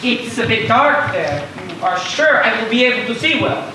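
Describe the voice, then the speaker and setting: A student actor playing a prim, stingy gentleman who bargains indignantly, on a school stage. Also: medium pitch, lively intonation, normal speed, close to an everyday voice. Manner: indignant, fussy, clipped bargaining. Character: stingy, prim gentleman spectator, easily outraged. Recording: echoey stage heard from far off with hiss.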